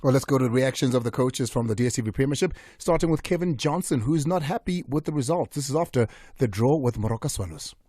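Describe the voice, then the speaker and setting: A man hosts a radio sports hour, rattling off results in an easygoing way with plenty of ums. His voice is mellow and a touch husky, and the studio sound is close and dry. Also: medium pitch, fast, few pauses, no echo. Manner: chatty, reads scores in a relaxed run with many fillers. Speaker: radio sports show host. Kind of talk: casual radio sports chat. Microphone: studio microphone.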